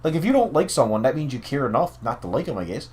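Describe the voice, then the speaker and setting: A man co-hosting a podcast, talking in an animated, profane way with emphatic asides. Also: medium pitch, fast talker. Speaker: podcast co-host. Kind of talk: casual wrestling chat.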